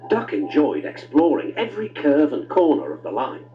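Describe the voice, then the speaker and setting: Guy reading a kids train story, voice all over the place pitch-wise, muffled, soft music. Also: moderate pace, a little hiss or hum. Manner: warm, expressive storytelling with big pitch swings. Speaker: narrator. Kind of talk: storybook narration.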